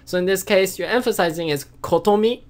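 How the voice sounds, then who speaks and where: A man's voice: mid-range voice, lively intonation, unhurried. Man, plain-voiced tutor type; patient explainer, hesitant, punches the key terms. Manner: explains patiently with many fillers and restarts, stressing key words. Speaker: language teacher. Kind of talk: casual online lesson.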